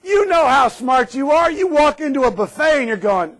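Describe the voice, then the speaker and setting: Higher-voiced man giving a sarcastic safety talk. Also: animated, a little slow, few pauses, fairly bright tone. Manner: sarcastic, joking, acts out what people say. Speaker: workplace safety speaker. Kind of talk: humorous keynote talk to an audience.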